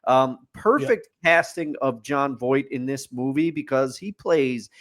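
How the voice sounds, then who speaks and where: A man's voice: medium pitch, expressive, measured pace, a bit bright. A man co-hosting a podcast, giving an opinionated, rambling movie review in casual chat with fillers and restarts. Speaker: podcast co-host. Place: studio.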